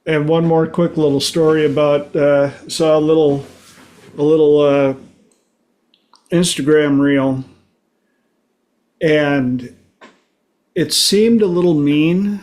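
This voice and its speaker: Animated storytelling man with a slow, lifted voice. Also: fairly high pitch. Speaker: host. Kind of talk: casual group talk.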